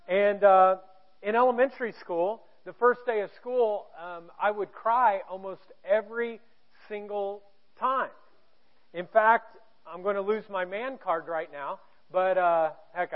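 A man with a high voice preaches a sermon in a church auditorium. He speaks in a candid, self-deprecating way and drops in jokes. The sound is thin and narrow, as if heard over a phone line. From Indiana, US. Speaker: pastor.

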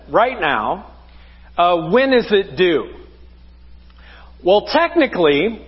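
A man's voice: sits high, breathy edge, in a large hall, highs cut off. A man preaching a conversational sermon as pastor, asking the congregation rhetorical questions. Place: church sanctuary.

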